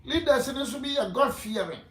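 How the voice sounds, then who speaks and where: Animated Ghanaian man in an echoey room. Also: very high-pitched, a little fast. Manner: animated, rhetorical, laughs between points. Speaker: political guest. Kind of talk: impassioned interview answers mixing Twi and English.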